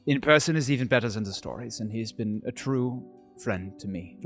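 A man's voice: medium pitch, fairly quick, soft background music. A man playing a tabletop game, casual and chatty. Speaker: player.

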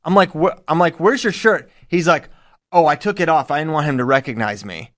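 A man's voice: on the high side, a little fast. A man co-hosting a podcast, a wrestling coach, chatting casually and acting out quotes while he tells stories. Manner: animated storytelling, acts out quotes. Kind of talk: casual chat.

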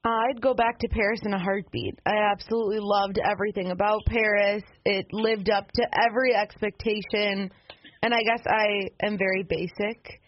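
A woman's voice: mid-range voice, fairly even intonation, moderate pace. Woman co-host, chatty, dull lo-fi radio sound with faint hiss. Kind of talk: casual chat.

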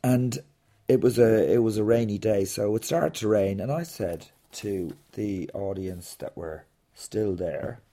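A man's voice: on the low side, a little slow, warm tone. A man, a comedian hosting a podcast, ranting through a sarcastic, swear-laden anecdote and then interviewing a guest. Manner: swears freely, rants with sarcasm. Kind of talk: rambling comic monologue and interview.

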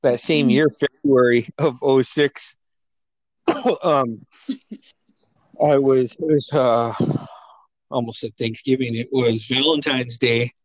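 A man's voice: medium pitch, steady tone, slow pace, pauses often, no echo. A middle-aged father chatting on a phone call, rambling through a story, acting out quotes and laughing often. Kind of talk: casual phone chat.

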